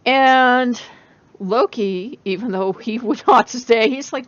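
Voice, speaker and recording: A woman's voice: a little high, unhurried, dry recording. A tired woman hosting a casual vlog, rambling with fillers and laughing often. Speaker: channel host. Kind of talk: casual spiritual vlog chat. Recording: dull lo-fi dry recording.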